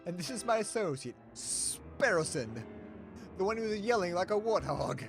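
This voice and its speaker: A man's voice: high voice, very animated, moderate pace, over music. A man voicing a dignified male lawyer in a detective game, dry and formal.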